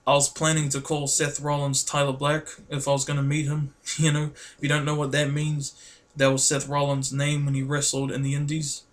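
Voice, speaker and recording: A man, vlogging in a casual, rambling and excitable way, full of fillers. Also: a little high, moderate pace. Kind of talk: casual chat to camera.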